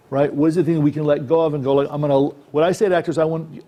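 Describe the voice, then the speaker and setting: Warm in tone and fairly high in pitch, this acting coach speaks fast with few pauses and fairly even intonation. He's giving a conversational workshop talk on acting in a presentation room, regularly checking in with his audience.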